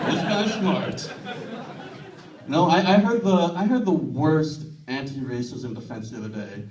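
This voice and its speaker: A man performing a stand-up comedy set with a deadpan, self-deprecating delivery, in a comedy club with a laughing audience. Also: a little high, unhurried, recorded from a distance, background noise. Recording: roomy club, mic heard from afar, audience laughing.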